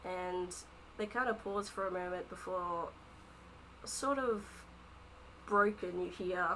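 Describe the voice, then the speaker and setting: A woman's voice: on the low side, slow, pauses often, a bit bright, slight background noise, rough recording. Woman narrating as game master. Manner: hesitant, with frequent fillers.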